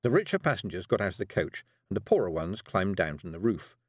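A man reading a fantasy novel aloud as an audiobook narrator, measured and drily humorous. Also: low-pitched, sing-song, no echo, clean studio sound.

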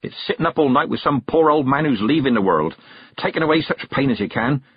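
A man voicing a stern, blunt old woman witch who talks in plain, rough country grammar, in a storybook reading. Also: medium pitch, animated, a little fast, dry recording, highs cut off, pitched above the performer's own voice. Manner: gruff, plain-spoken, dropped-g country grammar.

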